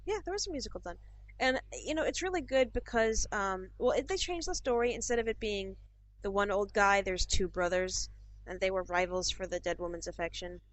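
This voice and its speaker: A chatty woman co-hosting a podcast, talking loosely and rambling from one thought to the next. Her voice sits at a middling pitch. The recording sounds dull and lo-fi. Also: lively intonation, a little fast, dry recording. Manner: chatty, rambling, with many fillers. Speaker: podcast co-host. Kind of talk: casual chat.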